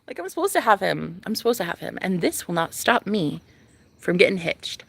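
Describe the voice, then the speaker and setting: A young woman venting to her camera in a sassy, foul-mouthed vlog monologue. Her bright voice has a gravelly edge and leaps all over in pitch. She turns from loud outbursts to hushed asides. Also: big pitch swings, a little fast, no echo. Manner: sassy, profane, dramatic, swinging from loud to hushed. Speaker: vlogger.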